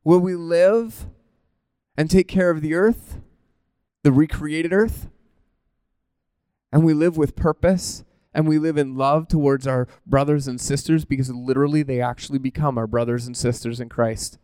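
An animated male preacher who talks informally and often interrupts his own thoughts. His voice sits a little higher than most men's. The sound is close and dry. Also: moderate pace, clear, resonant tone, no room sound. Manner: animated, informal, self-interrupting, laughs at himself. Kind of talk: conversational sermon.

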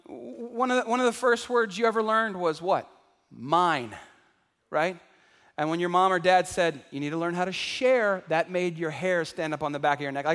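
A man preaching a sermon to a congregation, animated and calling out to the crowd, acting out everyday voices for laughs. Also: sits high, long reverb tail. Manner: acts out household voices for laughs. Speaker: pastor. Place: large church hall.

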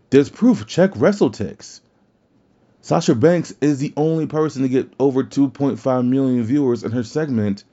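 A man's voice: lowish voice, mellow. A man hosting a podcast, ranting casually and bluntly, swearing freely. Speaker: podcast host. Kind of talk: casual rant on wrestling. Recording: dull lo-fi audio.

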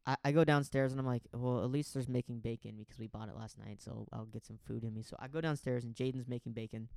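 A man's voice: medium pitch, steady tone, fast talker, creaky, a little mellow, no room sound. Man telling a rambling hangover story. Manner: rambling storyteller acting out quoted voices. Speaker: podcast co-host. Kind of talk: casual chat.

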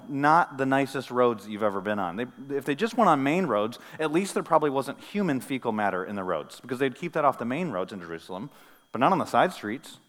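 Man preaching in a reverberant sanctuary. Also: medium pitch. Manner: animated preaching, swinging from soft to loud; conversational, with asides and light humor. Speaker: pastor. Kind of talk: sermon. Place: church sanctuary.

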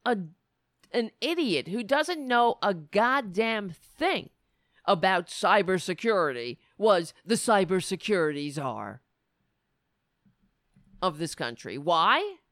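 A woman's voice: medium pitch, sing-song, slow pace, a bit bright, no room sound, studio quality. A woman hosting political commentary, reading news excerpts and mocking them with sarcastic asides. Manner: reads news excerpts, then riffs on them.

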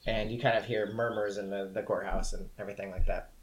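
A man's voice: on the low side, flat delivery, fast. A man narrating as game master, loose and casual with many fillers.

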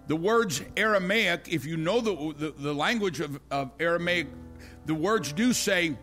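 High-voiced impassioned older preacher man. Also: expressive, measured pace, a bit bright, soft background music. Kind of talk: sermon.

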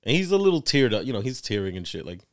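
A man's voice: medium pitch, racing, no room sound, studio quality. A middle-aged man casually telling a story, acting out the people in it and swearing freely. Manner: animated storyteller, acts out voices in his retellings, swears freely.

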